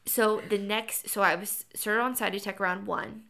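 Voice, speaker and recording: A young woman on a podcast, chatting casually and telling a birth story with animated acted-out quotes. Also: mid-range voice, normal speed, vocal fry. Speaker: podcast co-host.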